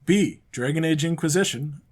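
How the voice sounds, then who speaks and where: A man's voice: a little high, moderate pace, a little mellow. A man from Canada co-hosting a podcast, reading out trivia questions in an easygoing way. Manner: easygoing, reads multiple-choice options. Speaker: podcast co-host, quizmaster.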